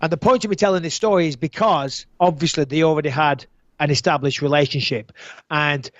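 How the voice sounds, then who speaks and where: Man, podcast host, joking, animated, dull lo-fi recording. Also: a little high, fairly quick, dry recording. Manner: animated, joking, swearing storyteller. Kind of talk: casual podcast chat.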